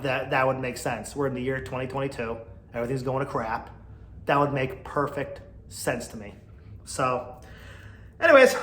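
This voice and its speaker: A man in his thirties hosting a solo podcast, chatty and gossipy, swinging between loud outbursts and mumbled asides. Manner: mocking, mimics others in a high whiny voice. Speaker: podcast host. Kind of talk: casual solo podcast rant. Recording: echoey room with faint background noise.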